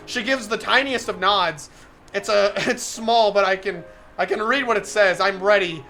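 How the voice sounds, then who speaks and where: A man's voice: high-pitched, lively intonation, normal speed, creaky, sharp tone, soft background music. A man on a live stream reading a visual novel aloud, getting flustered, laughing often and breaking off to comment to his chat.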